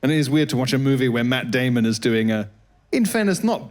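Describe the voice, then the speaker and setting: A man from Africa, co-hosting a live comedy podcast with animated, playful storytelling and mimicry. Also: medium pitch, fast talker. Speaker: podcast co-host. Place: stage at a live podcast festival.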